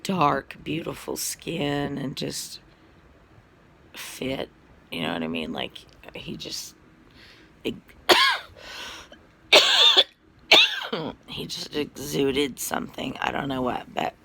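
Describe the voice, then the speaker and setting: A man's voice: fairly high pitch, huge pitch swings, extremely slow, creaky, pauses often, sharp tone, slight background noise. A man who is sick with COVID and coughing, telling a rambling, profane personal story to the camera with lots of fillers.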